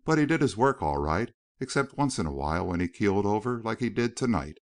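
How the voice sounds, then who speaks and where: Male reader doing a devoted manservant: respectful, earnest, lowish and expressive. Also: a little fast. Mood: confiding. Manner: respectful, says sir often. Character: Parks, a loyal, deferential middle-aged male valet.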